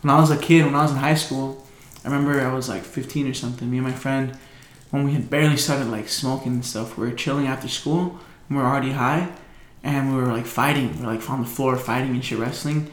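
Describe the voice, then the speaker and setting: A man's voice: mid-range voice, fairly even intonation, quick pace. A young man telling a story in casual chat, loose and full of slang, swearing and fillers. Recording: echoey room.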